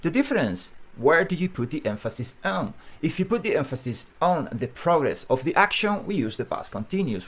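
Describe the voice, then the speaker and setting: Animated male English teacher. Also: mid-range voice. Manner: animated, emphatic, repeats key phrases. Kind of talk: grammar lesson to camera.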